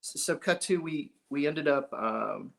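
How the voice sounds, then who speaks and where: In a slightly high, creaky voice and an unhurried pace, a middle-aged musician from Dayton, Ohio, spins stories during a conversational interview. He performs the voices of those he quotes and chuckles often.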